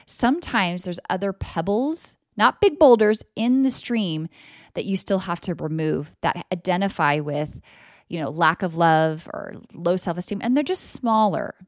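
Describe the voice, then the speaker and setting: This energy coach has a fairly low-pitched voice and delivers solo motivational podcast talk casually and with emphasis, cursing freely and switching into loud mock voices. It's a dry, studio-quality recording.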